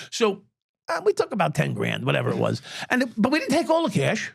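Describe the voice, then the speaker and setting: A man, telling profane, animated stories as an interview guest and at times breaking into shouts. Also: high voice, a little fast, gravelly, breathy edge, no room sound, studio quality. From United States. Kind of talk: storytelling interview.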